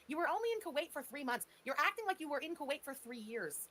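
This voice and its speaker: A woman's voice: high voice, very animated, fast talker, fairly bright tone. A woman giving blunt, sarcastic reaction commentary, scolding the person on a clip. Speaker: stream commentator.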